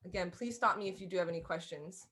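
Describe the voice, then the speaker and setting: A woman's voice: lowish voice, fast talker, pushed and bright, a little hiss or hum. A woman teaching a fiddle class over a video call, explaining in a chatty way and often restarting and rephrasing as she goes. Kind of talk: online music lesson, casual explaining.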